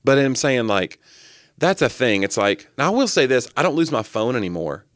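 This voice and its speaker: A man co-hosting a podcast, telling animated, jokey stories in casual chat. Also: mid-range voice, moderate pace, no room sound, studio quality. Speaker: podcast co-host.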